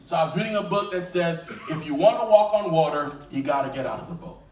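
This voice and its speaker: A pastor preaching a sermon with animated energy that builds to shouting. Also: male voice, a little high, quick pace, distant mic. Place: church sanctuary. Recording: echoey hall recorded from afar.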